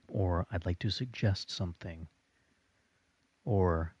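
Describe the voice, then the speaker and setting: A man giving a recorded audio lesson in a slow, steady instructional delivery. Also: low voice, no room sound, dull audio.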